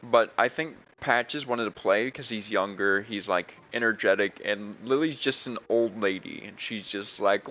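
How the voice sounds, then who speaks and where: A man's voice: lowish voice, measured pace, a bit bright, low-quality recording. Rambling young man talking over his game. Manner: rambling, with many restarts and fillers. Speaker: gaming streamer. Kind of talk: casual chat while playing a video game.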